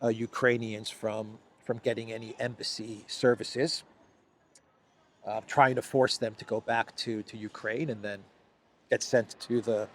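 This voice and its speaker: A man's voice: on the low side, little pitch movement, a little slow. A man hosting a solo news commentary, talking in an emphatic, sarcastic way with frequent restarts. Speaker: political commentary host.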